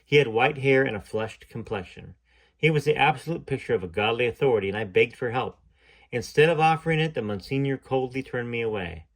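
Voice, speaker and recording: A man's voice: medium pitch, lively intonation, fairly quick. A man reading a first-person memoir aloud, with casual wry asides. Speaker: reader of a memoir.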